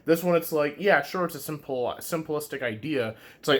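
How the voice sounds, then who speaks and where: A man's voice: a little high, animated, a little fast, hardly any pauses, a bit bright. A man talking casually into the camera as a YouTube reviewer, rambling with lots of fillers and restarts as he corrects himself. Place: his bedroom.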